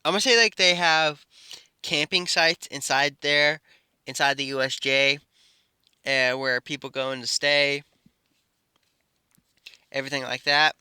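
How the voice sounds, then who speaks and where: A man's voice: on the high side, fairly even intonation, unhurried, long pauses, sharp tone, smooth, no room sound. A man improvising a fan story aloud, rambling with fillers and self-corrections.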